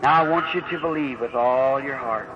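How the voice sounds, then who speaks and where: A medium-pitched man speaks at a moderate pace on an old, hiss-laden lo-fi recording. Leading a revival sermon and prayer line, he is folksy and sincere, calls out prayer card numbers, and climbs to fervent emphasis.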